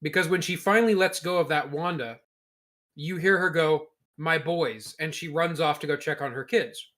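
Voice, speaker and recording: A man's voice: fairly high pitch, normal speed, fairly bright tone. A man co-hosting a podcast in casual chat, explaining at length in a blunt way and swearing freely. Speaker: podcast co-host.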